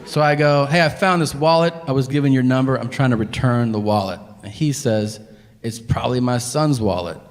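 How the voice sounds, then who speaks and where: A man telling a stand-up story on stage, deadpan and exasperated as he acts out the dialogue. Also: mid-range voice, brisk, hardly any pauses, a little hiss or hum. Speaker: stand-up comedian. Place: comedy theater stage. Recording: live theater hall with faint ambience. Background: audience laughter.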